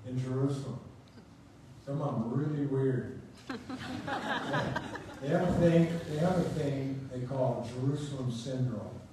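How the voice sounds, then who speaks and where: Older male preacher, mellow, storytelling sermon, recorded from afar in a roomy hall. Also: mid-range voice. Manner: storytelling, conversational, laughs at own stories. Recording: echoey room, distant mic, faint hum.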